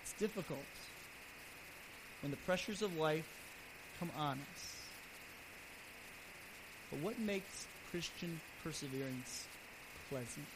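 A man pastor preaching a sermon earnestly, his voice swelling louder and then dropping soft. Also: fairly high pitch, slow, pauses often. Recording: steady background hiss.

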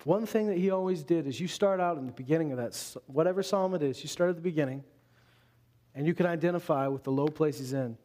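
A male pastor delivering a conversational sermon to a congregation, animated and full of quick asides. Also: fairly high pitch.

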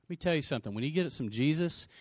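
A man preaching a sermon to a congregation, animated, with shouted exclamations and call-and-response. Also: a little high, rapid-fire, dry recording, studio quality. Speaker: pastor.

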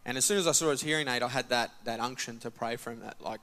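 A man's voice: medium pitch, fast talker. A man, a church member casually telling a testimony and acting out the dialogue. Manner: casual, animated, acts out dialogue. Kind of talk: testimony storytelling.

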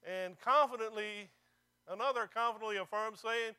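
A man preaching a sermon in a strikingly high, piercingly bright voice. His tone is smooth and resonant as he presses his points and calls out for amens from the congregation. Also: normal speed. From not local to the congregation. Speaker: pastor.

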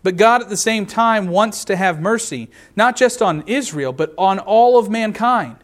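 A man preaching a sermon, reading scripture aloud and explaining it verse by verse, earnest and slowing down to stress key words. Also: high voice, expressive. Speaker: pastor.

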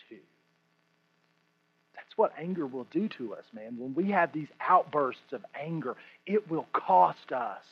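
A man in his thirties, a pastor, preaching a sermon to a congregation, swinging between hushed and loud delivery. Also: sits high. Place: room with a congregation. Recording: muffled lo-fi recording.

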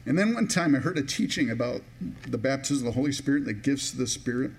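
A man's voice: mid-range voice, animated, quick pace, a little hiss or hum. A man preaching a sermon in a personal, conversational way, with many restarts and a touch of emotion. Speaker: pastor.

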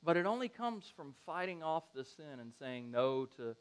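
A middle-aged preacher delivers a sermon in a high-pitched voice. He tells stories with lots of animation and acts out the lines of the people in them. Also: moderate pace, clean tone. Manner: animated storytelling, acts out quotes. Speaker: pastor.

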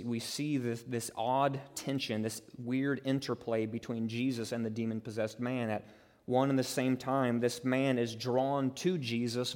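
A man preaching a sermon as pastor, emphatic and conversational, acting out quotes and building to loud peaks. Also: mid-range voice. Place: church sanctuary. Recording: reverberant hall.

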